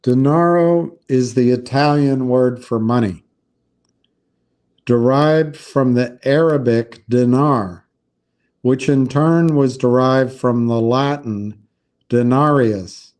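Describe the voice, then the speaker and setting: Slow, mellow-voiced man rambling. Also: medium pitch. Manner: halting, meandering, frequent restarts. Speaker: livestream host. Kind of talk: rambling casual livestream talk.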